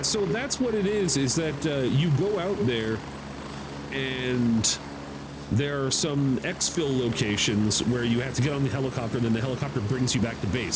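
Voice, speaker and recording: An American man streaming a game live, talking to himself, excitable and swearing freely. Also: mid-range voice, background noise. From United States. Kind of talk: live gameplay commentary.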